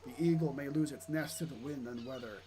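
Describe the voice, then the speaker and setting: A regretful older swordsman speaks in formal, weighty sentences, voiced by a player reading along. The pitch sits in a middle range. There is faint noise underneath. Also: brisk, mellow, natural voice, poor audio. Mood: solemn. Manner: formal, grave.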